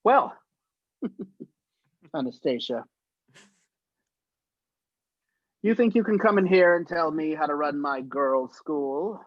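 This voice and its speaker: A man's voice: fairly high pitch, takes it slowly, no echo, muffled recording. A man doing an impression of an imperious older female film actress, with a grand, theatrical delivery that turns to shrieking when she is angry. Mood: haughty.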